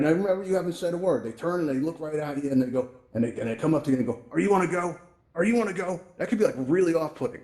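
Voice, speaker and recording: Fast-talking man presenting at a VR meetup. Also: mid-range voice, warm tone. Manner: chatty, acts out quoted voices, says "right?" a lot. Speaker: VR event presenter. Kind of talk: casual tech presentation. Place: virtual reality event space. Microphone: VR headset microphone.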